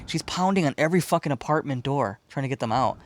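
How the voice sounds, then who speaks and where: A man's voice: mid-range voice, animated, quick pace, slight background noise. A man co-hosting a podcast, telling a wild story in casual chat, swearing freely, laughing often and acting out the voices of the people in it. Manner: profane, laughing, acts out voices in stories. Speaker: podcast co-host. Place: podcast studio room.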